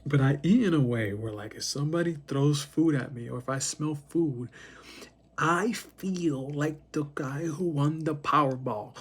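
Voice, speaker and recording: A man's voice: fairly high pitch, a little slow, slightly rough. A man talking casually to the camera, rambling and swearing, who acts out little scenes with other people to make his point. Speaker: vlogger.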